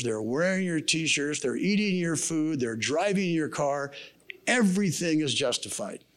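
A man's voice: on the high side, fairly bright tone. A man giving a sermon at a men's camp, telling a personal story in a casual, slangy way. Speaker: camp speaker. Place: camp meeting room.

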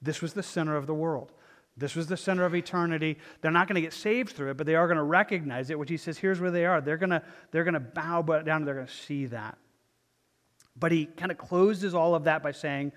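A pastor preaching a sermon and reading scripture aloud, slow and reflective, letting his phrases fade softly at the ends. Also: fairly high pitch. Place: church sanctuary with lights dimmed. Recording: long reverb of a church hall.

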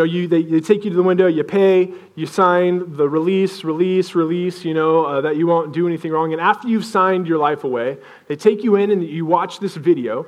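A young adult man preaching a sermon as pastor, telling a story in a casual, self-deprecating way. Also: a little high.

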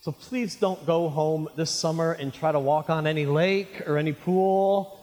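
A male pastor preaching a sermon, animated and jokey, calling his listeners friends. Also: on the high side, normal speed, hardly any pauses. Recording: reverberant hall.

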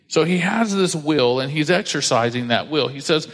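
A male pastor in full sermon mode, his voice pitched a little higher than most men's. He reads scripture and slips into animated quoted voices, and a long reverb trails each phrase around a big hall. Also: normal speed, few pauses. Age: adult, married with children.

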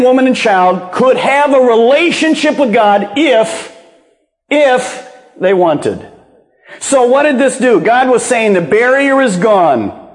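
A male pastor delivering a sermon with a high, very lively voice that leaps between loud emphasis and hushed, low phrases. He is recorded in a church auditorium, and his words ring with a long hall reverb. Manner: animated preaching, swinging from loud emphasis to hushed low lines.

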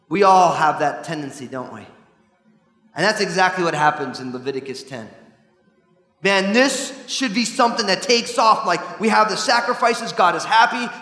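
A man in his forties preaching a sermon as pastor, in an animated, conversational way with asides. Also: high-pitched. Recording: echoey hall.

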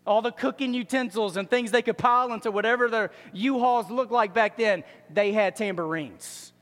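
A pastor preaching a lively sermon with joking asides, often acting out other people's voices. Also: male voice, high voice. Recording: long hall reverb.

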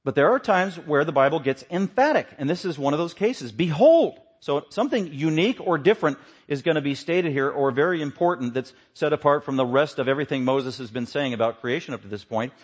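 Male pastor, sermon delivery, emphatic with loud peaks and quiet drops. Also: a little high, fast talker, hardly any pauses, breathy edge. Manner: emphatic, swings from loud to hushed.

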